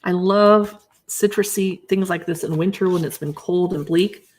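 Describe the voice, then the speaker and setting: A woman's voice: on the low side, fairly even intonation, moderate pace, darkish tone. A woman hosting a live shopping stream, casually reading dish names from a cookbook aloud and reacting to each with short remarks. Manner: greets viewers and answers chat comments. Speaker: livestream shopping host. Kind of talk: casual livestream chat, reading recipe titles.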